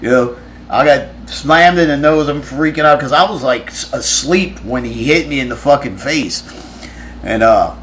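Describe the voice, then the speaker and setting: A man's voice: mid-range voice, moderate pace, fairly bright tone, slight background noise. A man on a live stream, casually telling a rambling, profane story and answering fan questions. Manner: rambling, profane, with frequent restarts.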